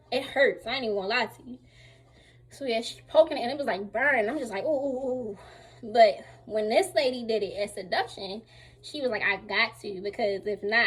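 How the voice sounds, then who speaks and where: Young woman, casual storytime, slangy, candid, husky, slightly high. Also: rough recording. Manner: candid, slangy, animated retelling. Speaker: vlogger.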